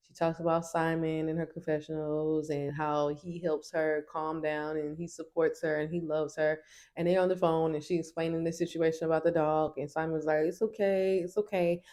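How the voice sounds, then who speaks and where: Sassy woman reviewer, low-ish voice, casual recap. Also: flat delivery, normal speed, mellow. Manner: sassy, emphatic. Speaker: TV show reviewer.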